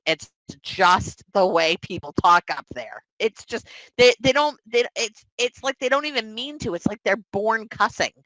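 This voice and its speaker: A woman's voice: medium pitch, no echo, poor audio. A young woman from the area, chatting through a recruiting webinar and acting out sample customer calls. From Boston area. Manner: chatty, animated, acts out sample calls in different voices. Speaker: webinar presenter.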